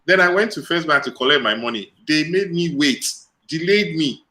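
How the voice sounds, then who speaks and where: Man from Nigeria, high and bright voice, lively storyteller, echoey room. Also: normal speed. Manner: animated storyteller, acts out quoted voices. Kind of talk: casual chat.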